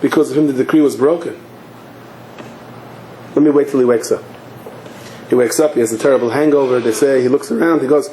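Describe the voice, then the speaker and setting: A man's voice: mid-range voice, fairly even intonation, a little fast, pauses often, warm tone, a little hiss or hum. A man, a rabbi, tells a story in a sermon and acts out its scenes with animation. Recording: echoey hall.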